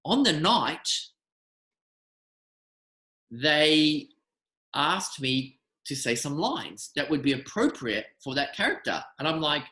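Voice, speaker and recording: A man, a magician, telling animated, rambling anecdotes in a casual interview. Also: fairly high pitch, measured pace, reverberant, low-quality recording. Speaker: magician guest.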